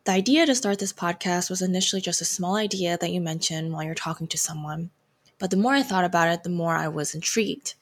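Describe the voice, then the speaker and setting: A woman's voice: lowish voice, fast. A woman in her twenties hosting her own podcast, reading a reflective solo intro with a slightly hesitant delivery. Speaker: podcast host.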